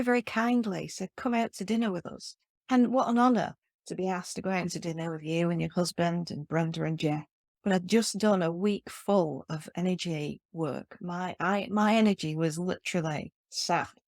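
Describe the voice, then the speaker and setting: A woman's voice: fairly low pitch, moderate pace, darkish tone, dry recording, clean studio sound. A woman hosting a podcast interview, talking earnestly and effusively with frequent restarts. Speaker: podcast host. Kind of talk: casual interview chat.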